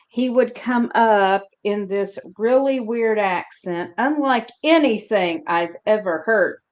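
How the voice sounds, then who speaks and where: A woman hosting a casual chat, telling stories in an unhurried, chatty way. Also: medium pitch. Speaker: host. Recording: dull lo-fi sound.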